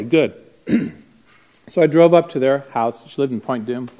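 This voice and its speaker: A man speaks to a live group in a classroom, telling a long story and acting out the voices of the people in it. His pitch swings a lot as he talks, and his voice sits a bit higher than most men's. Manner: animated, acts out voices in his stories.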